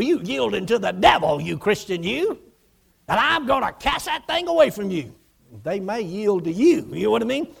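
A man's voice: high voice, darkish tone. A man preaching a sermon, retelling a vision with emphatic, repetitive phrasing. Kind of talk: sermon storytelling.

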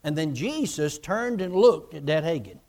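Male preacher with a high voice, emphatic and repetitive storytelling in a sermon. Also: expressive, moderate pace, a little mellow. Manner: emphatic and repetitive, retelling a vision with quoted dialogue.

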